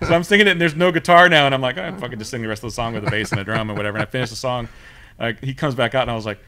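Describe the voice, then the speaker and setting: A man's voice: mid-range voice, very fast, bright, forceful tone. A man co-hosting a podcast, chatting loosely and telling party stories, laughing and swearing as he goes. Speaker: podcast co-host. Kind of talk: casual chat, anecdotes.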